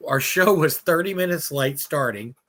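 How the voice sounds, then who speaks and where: A man's voice: fairly high pitch, animated, normal speed, fairly bright tone. A man in casual live-stream chat about running a convention, jokey and prone to laughing and restarting sentences. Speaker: convention organizer on panel.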